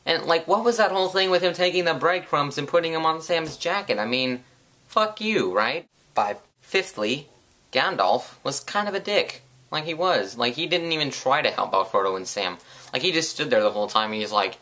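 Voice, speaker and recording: A man's voice: a little high, animated, normal speed, sharp tone. A man delivering a sarcastic, profane, rambling comedic rant as a vlogger.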